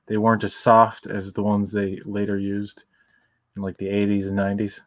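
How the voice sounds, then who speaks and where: A man's voice: lowish voice, monotone, moderate pace, no room sound. A man co-hosting a fan commentary, explaining trivia in a loose way with filler words. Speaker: podcast co-host.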